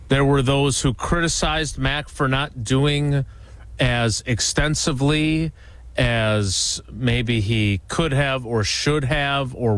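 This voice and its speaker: A man's voice: mid-range voice, a bit bright, no room sound. A man hosting a sports talk show, asking long, rambling questions with fillers.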